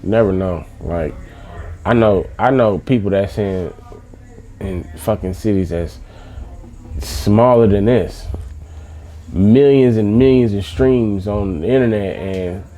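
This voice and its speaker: Man, low and mellow, loose slangy interview talk. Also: takes it slowly, pauses often. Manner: loose, repetitive, emphatic with slang and restarts. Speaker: interview guest, music manager.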